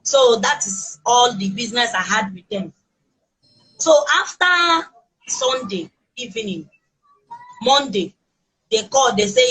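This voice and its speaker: Woman, Nigerian accent, breathy, emotional halting testimony, mid-pitched. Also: animated, fairly bright tone, poor audio. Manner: halting, emotional storytelling with restarts. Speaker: interviewee recounting a kidnapping. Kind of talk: personal testimony.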